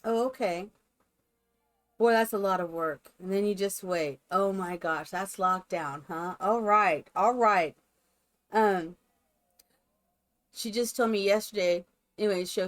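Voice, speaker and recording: A woman live streamer chatting casually and rambling to her viewers while she builds in a game. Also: mid-range voice. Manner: chatty, rambling, talks to chat.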